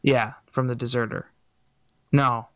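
A man's voice: medium pitch, steady tone, a little slow, a bit bright, no echo. A man co-hosting a podcast in casual chat, playful and argumentative, fond of correcting word use. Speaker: podcast co-host.

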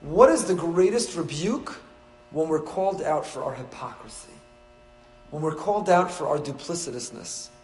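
A man, a rabbi, delivering a sermon full of rhetorical questions and repetition, with sharp swings between loud and soft. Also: a little high, animated, moderate pace, roomy sound, poor audio. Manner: storytelling, acts out quoted voices.

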